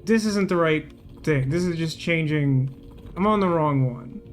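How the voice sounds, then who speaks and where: A man's voice: a little high, a little slow, a little hiss or hum. A man giving let's play commentary, thinking aloud as he works through puzzles, with wry, sarcastic asides. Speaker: gaming channel host.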